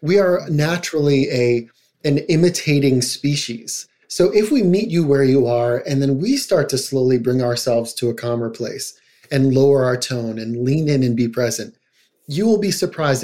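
Middle-aged man explaining calmly. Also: mid-range voice, moderate pace. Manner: conversational, acts out quoted voices. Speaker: child psychologist guest. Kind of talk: casual podcast conversation.

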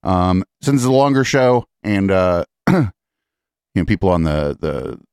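A man hosting a live podcast in casual commentary, profane and rambling, often clearing his throat. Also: sits low, big pitch swings, unhurried, darkish tone, no room sound, clean studio sound. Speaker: podcast host.

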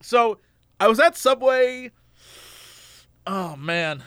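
A man's voice: extremely high pitch, expressive, takes it slowly, a bit bright, smooth, no echo, studio quality. A man hosting a podcast, telling a story in a casual, laughing way. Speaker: podcast host.

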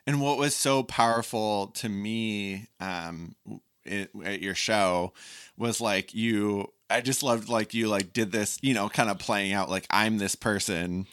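A man co-hosting a podcast interview who listens supportively and makes his points haltingly. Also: fairly low pitch, a bit bright, clean tone, no room sound, studio quality. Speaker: podcast co-host. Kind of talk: casual interview chat.

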